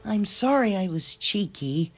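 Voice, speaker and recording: A man voicing a cheeky, boastful little male tank engine with a high, excitable voice. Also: measured pace, full character voice. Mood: sheepish. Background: music.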